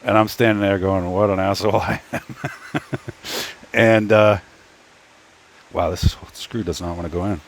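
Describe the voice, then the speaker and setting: A man's voice: on the low side, fairly even intonation, unhurried, pauses often. A man casually telling a story while tinkering with a 3D printer, rambling and stop-start, talking to himself as he works. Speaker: 3D printing YouTuber. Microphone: phone.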